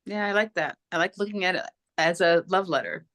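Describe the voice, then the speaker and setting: A woman's voice: on the low side, brisk, fairly bright tone. A woman in a casual group chat on a video call, thoughtful and agreeable.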